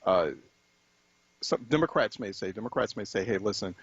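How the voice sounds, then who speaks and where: A man hosting a radio talk show, asking long, measured questions with hedges and restarts. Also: lowish voice, animated, gravelly, breathy edge, no room sound, lo-fi sound. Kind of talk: radio interview.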